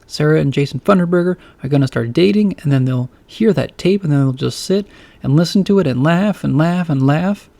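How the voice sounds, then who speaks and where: A man's voice: fairly high pitch, a little fast, gravelly, mellow, dry recording. A man voicing a nervous, gloomy teenage boy who stammers and hesitates.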